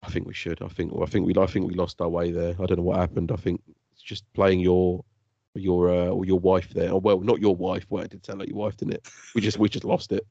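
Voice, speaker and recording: A man co-hosting a casual podcast, excitable and teasing, laughing often. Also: low-pitched, fairly quick, no echo. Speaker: podcast co-host. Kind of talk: casual chat. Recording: dull lo-fi dry podcast audio.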